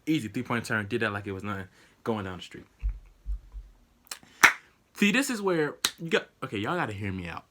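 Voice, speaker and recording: Young male vlogger, casual storytelling, lively voice, noisy recording. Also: a little fast. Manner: animated, acts out quotes with sudden high-pitched outbursts.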